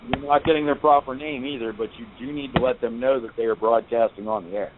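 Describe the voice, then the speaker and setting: A man's voice: mid-range voice, fairly even intonation, quick pace. Laid-back man calling in by phone. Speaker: caller. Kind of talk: casual call-in chat. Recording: tinny phone line with faint hiss.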